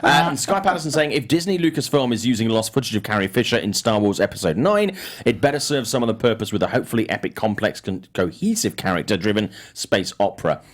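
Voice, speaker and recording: A man's voice: on the low side, quick pace. A British man hosting a casual panel chat about film news, rambling with lots of fillers. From United Kingdom. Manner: animated, rambling with many fillers. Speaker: podcast host.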